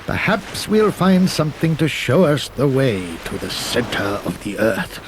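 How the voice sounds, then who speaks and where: A man voicing an excitable elderly professor and explorer in a storybook reading, his voice raised high and eager. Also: measured pace, noisy background. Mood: thoughtful. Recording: old storybook record with music.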